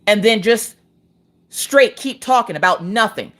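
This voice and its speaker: A woman's voice: mid-range voice, unhurried. A woman hosting a casual crafting livestream from home, rambling through stories with lots of "like" fillers. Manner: rambling, animated storytelling with frequent "like" fillers. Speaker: livestream host. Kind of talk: casual live chat while crafting.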